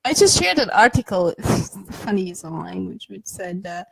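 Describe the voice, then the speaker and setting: A woman's voice: medium pitch, sing-song, moderate pace, vocal fry, breathy edge, no echo, poor audio. A woman co-hosting a podcast in casual chat, giggly and teasing, often trailing off. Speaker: podcast co-host.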